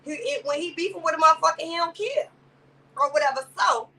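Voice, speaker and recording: A woman running a casual livestream commentary rambles and curses, greets viewers in chat by name, calls them baby and sister, and leans on "or whatever." Her very high-pitched voice is bright and forceful, moving a little fast. Poor audio comes from a mic set far away.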